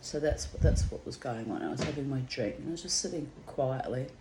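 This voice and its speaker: An older woman telling a rambling personal story to camera, acting out what people said in lively voices. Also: a bass voice, fairly quick, noisy background. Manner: chatty, rambling, quotes others in lively voices. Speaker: vlogger. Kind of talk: casual storytelling.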